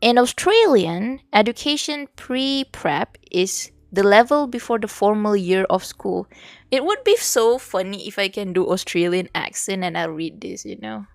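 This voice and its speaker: A woman's voice: mid-range voice, animated, moderate pace, creaky, dry recording, faint music behind. A woman streaming as a VTuber, chatting casually and giggling as she studies. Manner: chatty, mixes languages, giggly asides. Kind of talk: casual study stream chat.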